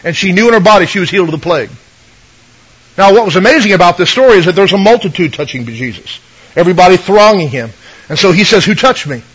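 A man's voice: high voice, lively intonation, quick pace, a bit bright, breathy edge, poor audio. A man preaching a conversational sermon as pastor, retelling scripture stories and asking the congregation for amens.

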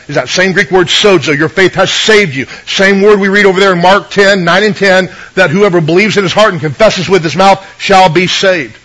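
A man's voice: high-pitched, normal speed, hardly any pauses, a bit bright, poor audio. A man preaching a conversational sermon as pastor, retelling scripture stories and asking the congregation for amens.

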